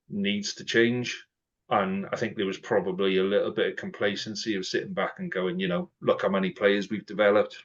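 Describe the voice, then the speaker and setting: Chatty man on a lo-fi mic. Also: low-pitched. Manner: chatty, acts out quoted exchanges. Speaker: podcast co-host. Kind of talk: casual chat. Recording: dull lo-fi sound.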